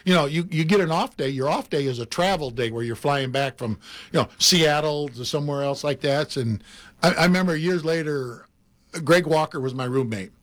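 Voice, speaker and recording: An older man, a former baseball player, telling animated anecdotes in casual chat and laughing often. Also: fairly high pitch, a little fast.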